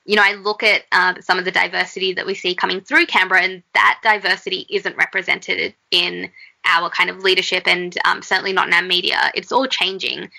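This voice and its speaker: Interview guest, woman, earnest and thoughtful, vivid tone with some fry. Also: on the low side, little pitch movement, fairly quick, sharp tone, poor audio. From Australia. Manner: earnest and reflective, with fillers. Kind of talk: conversational interview.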